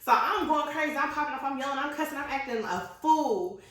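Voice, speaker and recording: A woman in her twenties with a high voice speaks briskly, telling a personal story in casual, slangy podcast chat. She's animated and candid, and the room is very echoey.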